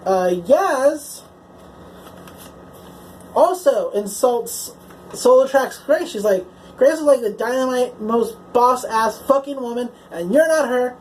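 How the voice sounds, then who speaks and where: A woman's voice: a little high, expressive, takes it slowly, darkish tone, a little hiss or hum, rough recording. A woman casually recapping a TV episode as a reviewer, chatty and swearing freely, filling her talk with "like" and "you know".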